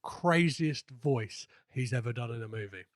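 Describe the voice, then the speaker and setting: A man's voice: medium pitch, lively intonation, a little slow. A man hosting a podcast, chatting casually and rambling with lots of fillers and restarts. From half Greek. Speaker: podcast host. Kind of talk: casual interview chat.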